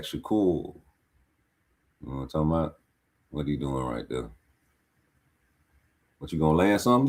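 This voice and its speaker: A man with a deep, low voice breaks down a boxing fight in casual commentary. He talks in blunt, profane street slang and calls back at the fighters as the clip plays. His delivery is animated throughout.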